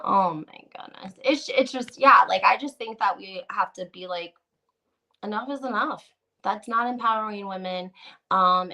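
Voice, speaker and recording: A woman hosts a casual gossip livestream and reads out viewer comments as she goes. Her talk is animated and opinionated, with plenty of "like"s and restarts. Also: mid-range voice.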